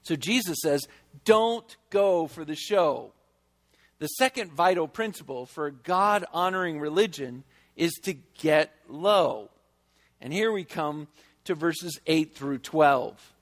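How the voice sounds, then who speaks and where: A male pastor delivers a sermon in a slightly high voice, talking in an easy, conversational way but slowing down hard on the phrases he wants to land. His voice rings out with the long reverb of a church hall. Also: lively intonation, a bit bright. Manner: conversational, emphatic, slows down to stress key phrases.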